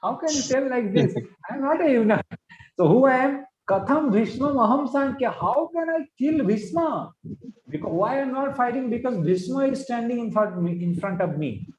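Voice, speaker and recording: A man's voice: high voice, big pitch swings, fairly quick, hardly any pauses, a little hiss or hum. A man voicing an indignant young male warrior prince who protests and defends himself. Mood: pleading. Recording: roomy, slightly dull sound.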